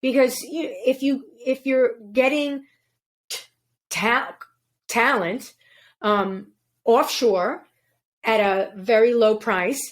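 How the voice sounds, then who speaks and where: A woman hosting a podcast, talking casually and thoughtfully, often pausing and searching for words. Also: a little high. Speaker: podcast host.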